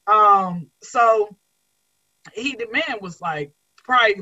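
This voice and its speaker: A woman comedian spins blunt, joking stories in an animated, casual chat. Her voice is bright and sharp, recorded dry and close. The sound is a little dull and lo-fi. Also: mid-range voice, takes it slowly, dry recording. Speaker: comedian guest.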